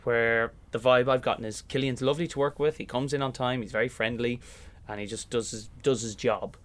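Chatty Irish actor telling stories. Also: male voice, medium pitch, steady tone, brisk. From Ireland. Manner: chatty storyteller, acts out voices in anecdotes. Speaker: musical theatre actor, interview guest. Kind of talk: casual interview chat.

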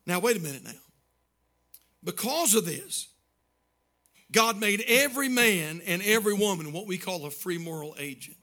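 A man preaching in a strikingly high, sharp and piercing voice. He rides a rhythmic, sing-song cadence that swells into shouts, then drops into chuckling, folksy asides to his congregation. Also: lively intonation, normal speed, pauses often. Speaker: pastor. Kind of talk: sermon.

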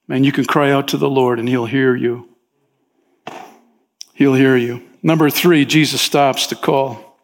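A man preaching as a pastor, talking with the congregation in an easygoing way and often saying "man", and his pitch rises sharply when he voices desperate pleas. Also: fairly even intonation, a little slow. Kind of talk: sermon. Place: church sanctuary. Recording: long hall reverb in a church.

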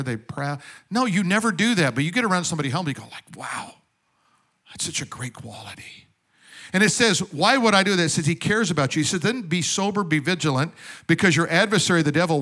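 Bright-voiced male pastor preaching conversationally. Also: fairly high pitch. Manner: conversational preaching, drops to soft asides. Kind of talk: sermon.

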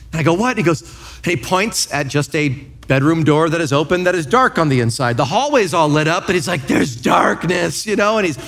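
A man in his thirties, a pastor preaching a sermon in church, telling lively stories and acting out quotes. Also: on the high side. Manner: lively storytelling with acted-out quotes.

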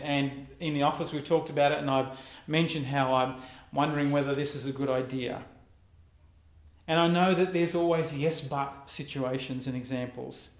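Pastor preaching in an echoey room. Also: male voice, fairly high pitch. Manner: reflective, conversational preaching with pauses. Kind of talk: sermon.

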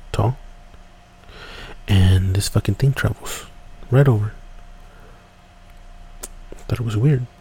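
Low gravelly man telling a campfire tale. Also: a little hiss or hum. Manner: relaxed, rambling, drops to hushed whispers for tension. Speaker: podcast storyteller. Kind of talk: casual spooky storytelling.

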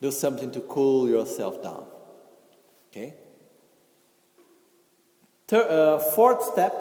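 Man teaching in an echoey hall. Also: on the high side. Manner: gentle, repeats "okay?" and "you know", acts out inner voices. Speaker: Buddhist teacher. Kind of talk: Buddhist teaching talk. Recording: echoey hall with long reverb.

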